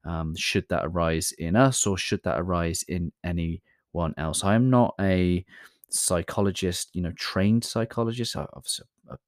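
Deep gentle-voiced man, dry sound. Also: unhurried, no room sound. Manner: gentle, compassionate, with hesitant fillers. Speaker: channel host introducing a clip. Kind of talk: calm reflective talk to camera.

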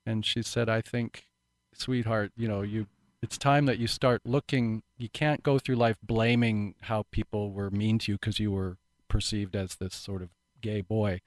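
A man's voice: on the low side, fairly even intonation, measured pace, no room sound. A middle-aged man who is an actor, telling his life story candidly in an interview, reflective and earnest with frequent restarts.

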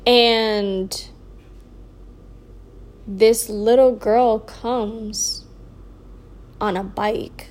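On her vlog, a sleepy young woman recounts a personal story, her pitch fairly high and her tone steady. She yawns, talks slowly and drawn out, and keeps saying "like" amid soft trailing asides.

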